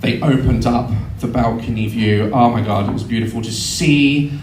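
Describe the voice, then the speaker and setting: A man in his thirties telling sweary, animated comic stories to a live audience in a theatre. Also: medium pitch, moderate pace. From United Kingdom. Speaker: YouTuber on stage. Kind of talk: live comedy storytelling. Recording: echoey hall with crowd noise.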